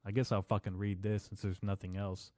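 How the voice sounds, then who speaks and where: A man rambles through a solo podcast, swearing often and dropping deadpan jokes. His voice sits low, and the recording is dry and close. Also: fairly quick, dry recording. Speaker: podcast host. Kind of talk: casual solo podcast rant.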